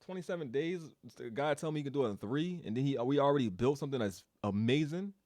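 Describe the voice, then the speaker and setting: A man in the middle of a casual developer update, ranting through a story with lots of laughter and swearing. His pitch jumps around a lot as he talks. The sound is dry and close, with no room echo. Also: fast. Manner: animated, laughs often, swears, repeats himself. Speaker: game studio developer giving an update.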